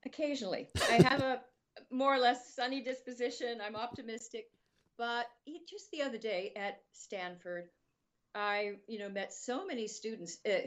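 A woman's voice: mid-range voice, a bit bright. A woman answering interview questions thoughtfully, with hesitant restarts. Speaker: guest author.

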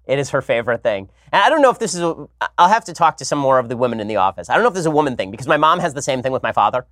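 A man's voice: mid-range voice, racing, no room sound. Sarcastic man telling a story, dry sound. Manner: animated storytelling, sarcastic asides. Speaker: commentary show host. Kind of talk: casual comedic monologue.

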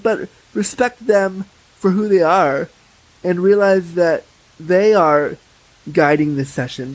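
A man with a somewhat higher, husky voice chats on a podcast. He tells stories bluntly and candidly, with lively asides and frank opinions. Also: low-quality recording. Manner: candid, blunt, animated storytelling. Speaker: podcast guest. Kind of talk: casual podcast chat.

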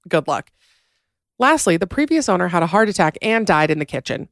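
A woman's voice: lowish voice, moderate pace, dry recording. Giggly woman podcast host, dry sound. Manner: animated, giggly. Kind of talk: casual chat and reading listener stories. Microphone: podcast microphone.

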